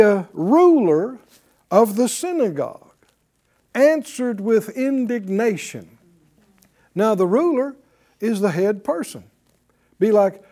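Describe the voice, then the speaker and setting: With a warm, medium-pitched voice, a Bible teacher presents a broadcast lesson in a conversational manner. Rhetorical questions to the audience come often, and there's chuckling while the story is told.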